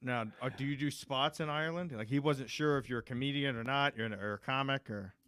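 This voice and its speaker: A man's voice: medium pitch, fast talker, fairly bright tone, smooth, dry recording, studio quality. A man hosting a podcast, teasing his guest in casual, profane banter over a video call. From Texas. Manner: teasing, swearing, laughs often. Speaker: podcast host.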